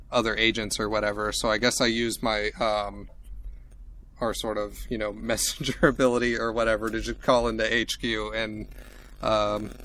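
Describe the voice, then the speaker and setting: A man's voice: fairly low pitch, fairly bright tone, a little hiss or hum, low-quality recording. A man playing a tabletop game, talking casually with many fillers. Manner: hesitant, many fillers, laughing. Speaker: player.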